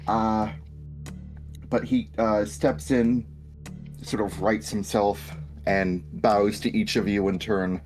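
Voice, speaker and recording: Female player, chatty and amused, slow delivery. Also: extremely low pitch, steady tone, darkish tone, soft background music. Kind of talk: casual chat.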